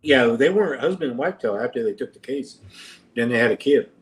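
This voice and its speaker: A man's voice: mid-range voice, lively intonation, brisk, distant mic. A man telling stories in a casual podcast chat, rambling with many fillers and acting out quoted lines. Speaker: podcast guest. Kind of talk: casual storytelling. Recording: roomy and off-mic.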